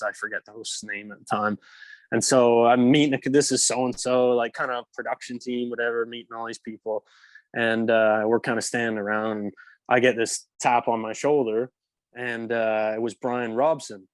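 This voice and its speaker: A young former pro hockey player from England guests on a podcast, his mid-range voice level in tone and moving at a moderate pace with no room sound. He tells a casual story in a rambling way, packed with "like" fillers, and laughs partway through.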